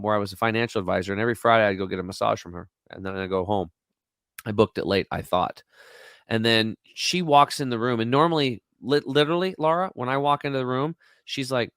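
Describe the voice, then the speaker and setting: Male guest, 40s, low pitch, blunt and emphatic storyteller, dry mic. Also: a bit bright, no echo. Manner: emphatic, rambling, blunt with mild swearing. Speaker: podcast guest. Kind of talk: casual storytelling chat.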